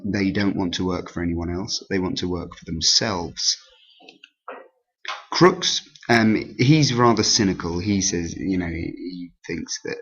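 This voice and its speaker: Low-voiced, husky male teacher, halting revision talk, dull lo-fi recording. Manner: hesitant, many ums and restarts. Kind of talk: exam revision lesson. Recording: dull lo-fi sound.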